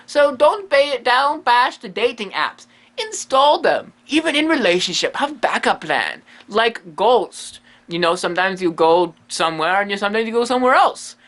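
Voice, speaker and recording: A man's voice: extremely high pitch, very animated, normal speed, fairly bright tone, full character voice. A man playing a quirky, lonely, self-amused male ghost medium who talks in broken English, drops his articles and rambles in a comedy monologue. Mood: goofy. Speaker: comedy vlogger in character.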